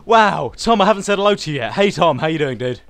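At home, a young man running his own gaming channel gives rambling, excitable live commentary as he plays, calling out to viewers and his teammate. His voice is on the high side and creaky, and he talks quickly.

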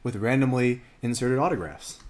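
A man's voice: mid-range voice, normal speed. A man hosting a casual card break stream, joking around and chatting while opening packs. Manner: joking, animated, laughs often. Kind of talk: casual livestream commentary.

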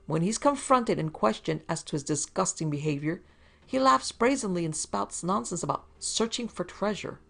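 Fussy, prim male client with a whiny, raised pitch and a gravelly edge, as a woman reader puts him on. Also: animated, moderate pace, fairly bright tone, full character voice. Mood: wheedling. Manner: prim, fussy wheedling talk, higher pitch. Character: fussy, wheedling middle-aged man client. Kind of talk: storybook reading.

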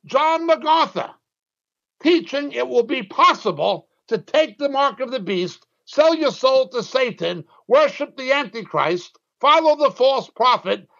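A man preaching a sermon as a Bible teacher, emphatic and insistent, his pitch dropping sharply when he drives a point home. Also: creaky, a bit bright, lo-fi sound.

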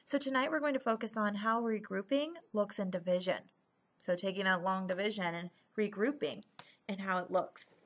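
A woman teaching a recorded math lesson, patiently checking in with frequent "okay?" and slowing down to stress key terms. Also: mid-range voice, a bit bright.

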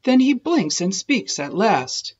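Slow, husky storybook reader woman. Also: medium pitch, big pitch swings, a little mellow, highs cut off. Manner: slow, sing-song rhyming delivery. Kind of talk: children's read-aloud narration.

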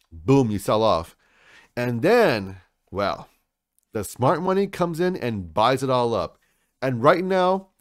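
A man's voice: mid-range voice, no room sound, studio quality. A man hosting a crypto channel, giving hyped market commentary in a salesy way and calling his viewers folks.

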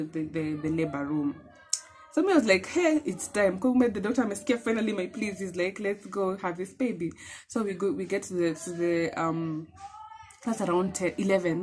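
A young woman with a Kenyan accent telling a personal story in a vlog, animated and emphatic, mixing in Swahili phrases. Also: mid-range voice, a little hiss or hum. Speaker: vlogger.

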